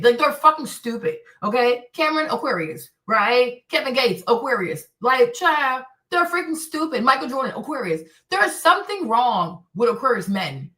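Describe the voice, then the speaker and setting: A woman hosting her own stream, talking in an animated, blunt way with plenty of profanity and repetition. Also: a little high, a little slow. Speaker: show host. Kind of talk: livestream commentary rant. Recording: echoey room, distant from mic.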